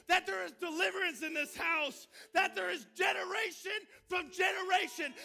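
A man's voice: very high-pitched, creaky, pushed and bright. A man preaching a fiery sermon in a church. He repeats his calls again and again and rouses the congregation. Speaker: pastor. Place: church sanctuary.

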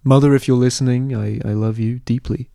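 Mellow-voiced young man, rambling. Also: mid-range voice, brisk, creaky, dry recording, clean studio sound. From London, England. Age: 20s. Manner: rambling, hesitant, deadpan absurd humor. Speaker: podcast host. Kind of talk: casual solo podcast answering listener questions.

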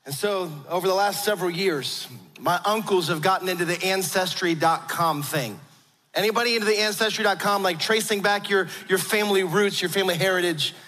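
A man's voice: high-pitched, fairly quick, bright, forceful tone. A man preaching a sermon, telling stories earnestly with frequent restarts. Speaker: pastor. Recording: long hall reverb.

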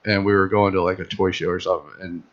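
A man's voice: deep voice, little pitch movement, fast talker. A man hosting a podcast, chatting casually and laughing along with his guest. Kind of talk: casual chat. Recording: dull lo-fi podcast audio.

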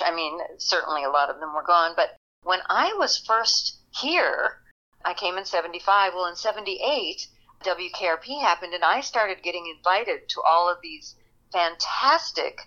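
An older actress reminiscing in an interview, animated and quick to laugh. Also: female voice, fairly low pitch, highs cut off. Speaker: actress guest. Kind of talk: interview storytelling.

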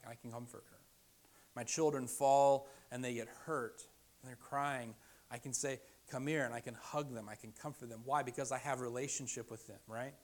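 A middle-aged man, a pastor, preaching a sermon, dropping to a hushed softness for quoted invitations and rising loud at his most emphatic points. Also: medium pitch.

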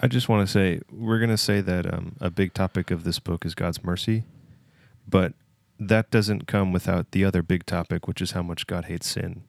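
A man with a very deep, gravelly voice, cutting in firmly during a casual Bible discussion. The sound is dry and close. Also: steady tone, moderate pace, no echo.

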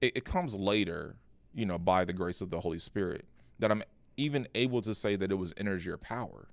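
A man with a low voice shares a heartfelt personal story in a casual podcast conversation. He talks in an earnest, animated way, often restarting his phrases. The sound is dry and close. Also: a little fast, creaky, no echo. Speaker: pastor and podcast co-host.

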